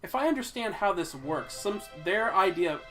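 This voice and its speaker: A man's voice: high voice, expressive, normal speed, pushed and bright. A man co-hosting a video game stream, chatting casually and making dry jokes. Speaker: co-host playing a video game. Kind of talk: casual let's-play chat. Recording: live stream with game music behind.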